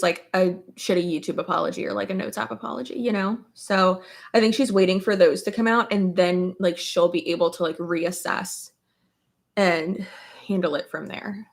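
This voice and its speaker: Creaky-voiced woman chatting while doing makeup. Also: lowish voice, fairly even intonation, moderate pace. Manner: rambling, chatty, frequent filler words. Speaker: livestreaming beauty YouTuber.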